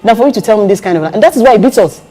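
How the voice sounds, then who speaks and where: A woman's voice: medium pitch, rapid-fire, slight background noise. A woman telling stories in a casual conversation, acting out the voices she quotes. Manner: animated storytelling, acts out quoted voices.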